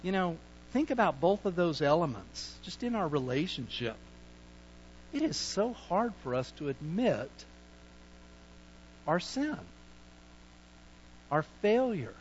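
A male pastor preaching a sermon, emphatic, with sudden shifts between loud points and quiet asides. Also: big pitch swings, slow, long pauses, dull audio, a little hiss or hum. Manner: acts out sheepish excuses in a low mutter.

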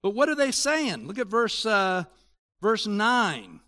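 A man in his sixties preaching a sermon in a conversational way, moving between loud emphasis and quiet asides. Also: high-pitched, very animated, takes it slowly. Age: 60s. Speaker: pastor.

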